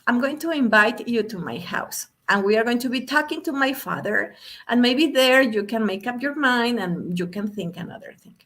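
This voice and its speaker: A woman voicing an eager young friend in a spoken story, pleading insistently and pitching her voice higher. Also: animated, moderate pace, fairly bright tone. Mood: urgent.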